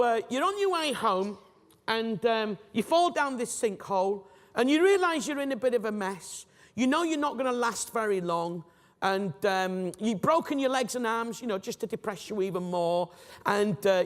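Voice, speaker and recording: A man giving a Christian teaching talk, animated and jokey, acting out scenes for his listeners. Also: high voice. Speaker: Christian speaker. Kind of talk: teaching talk with acted illustrations. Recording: long reverb of a hall.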